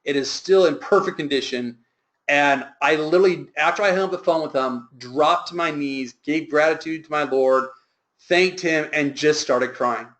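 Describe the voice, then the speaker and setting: A man's voice: on the high side, moderate pace, fairly bright tone. A man working as a sales trainer, telling an earnest, emphatic motivational story.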